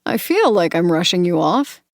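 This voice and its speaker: A woman voicing a smooth, edgy young man. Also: fairly low pitch, big pitch swings, normal speed, no echo, clean studio sound.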